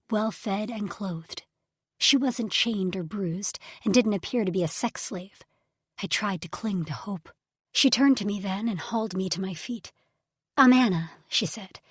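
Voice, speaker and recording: Female audiobook narrator, husky and breathy, emotional first-person reading. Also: medium pitch, dry recording, clean studio sound. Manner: emotional first-person storytelling, drops to whispers. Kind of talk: scripted narration.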